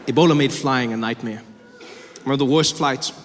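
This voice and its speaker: A South African man in his thirties telling stories in a stand-up comedy set, shifting quickly between voices. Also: mid-range voice, background noise. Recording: live hall reverb, faint ambience.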